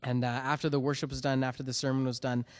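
A man's voice: medium pitch, flat delivery, fast talker. Earnest man telling a story. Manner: earnest, rambling storytelling with many restarts. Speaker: worship musician. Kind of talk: personal testimony before a song.

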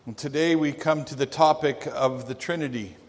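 A male pastor preaching a sermon, telling a story dramatically with emphatic pauses. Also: a little high. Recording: long reverb of a large hall.

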